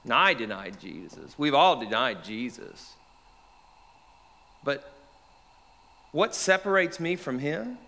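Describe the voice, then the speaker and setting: An actor playing the apostle Peter, an earnest, remorseful fisherman, telling his story in the first person and swinging from hushed to shouted. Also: mid-range voice, very animated, slow, pauses often, exaggerated voice. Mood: reflective. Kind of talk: dramatic monologue. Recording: long reverb of a large hall.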